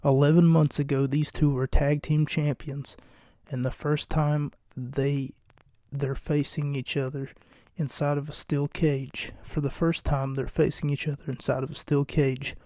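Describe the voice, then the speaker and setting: A man hosting a casual solo wrestling podcast late at night, talking in a hushed, jokey, rambling way from a home recording space. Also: fairly high pitch, flat delivery, a little slow, no echo, clean studio sound. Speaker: podcast host.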